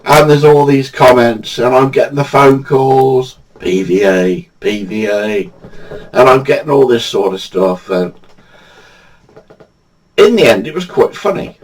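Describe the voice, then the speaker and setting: A man's voice: medium pitch, expressive, a little slow, low-quality recording. An older man from England, telling funny true anecdotes in a chatty, casual way and laughing at his own stories. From England, Badsey. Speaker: storyteller.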